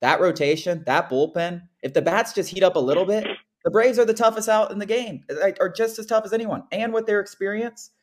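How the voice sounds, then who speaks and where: A man's voice: high voice, a little fast, slight background noise. A young man co-hosting a casual sports podcast, ranting with lots of "like" and "dude.". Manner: animated ranting, frequent "like" and "dude". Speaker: podcast co-host.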